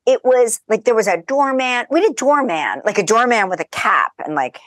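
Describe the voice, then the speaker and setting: A woman as a podcast guest, telling lively anecdotes in casual chat and laughing as she goes. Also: fairly high pitch, moderate pace, no room sound. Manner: animated, chatty, laughs through her stories.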